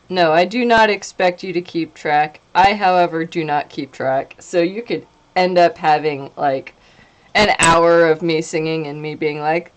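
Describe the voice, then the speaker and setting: A woman streaming live while painting, chatting casually, laughing often and breaking into silly singing. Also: on the low side.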